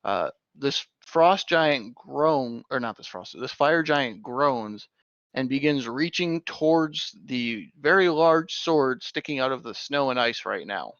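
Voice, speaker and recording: Man, dungeon master, gravelly voice, unhurried narration, muffled audio. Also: mid-range voice, expressive, a bit bright, no room sound. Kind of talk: narrating a tabletop game.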